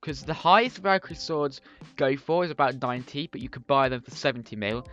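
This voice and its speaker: A man's voice: mid-range voice, lively intonation, a little fast, fairly bright tone, soft background music. A young man giving Minecraft money-making tips in a playful, self-mocking chatty video, often turning aside to tease his viewers. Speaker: Minecraft YouTuber. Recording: dull, lo-fi and dry.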